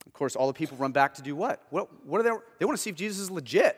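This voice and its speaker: Man, pastor, preaching, slightly high voice, long hall reverb, hushed then emphatic. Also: lively intonation, racing, few pauses, husky. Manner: expository preaching that swings between hushed and emphatic. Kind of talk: sermon.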